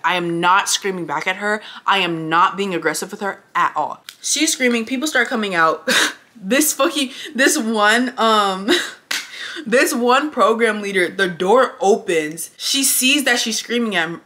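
A woman's voice: mid-range voice, animated, a little slow, pushed and bright. A young woman telling a story to camera while getting ready, blunt, emphatic and full of swearing. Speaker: vlogger.

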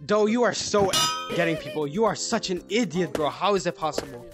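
A man hosting a gaming video, excitably pleading and laughing in casual banter over a headset. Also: sits high, a little fast. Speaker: gaming YouTuber. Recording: voice chat under loud music.

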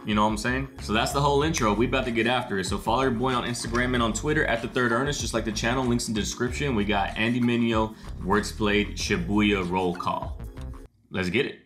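An American man hosting a music reaction channel, talking casually and excitedly in slang with lots of fillers. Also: medium pitch, fast. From United States.

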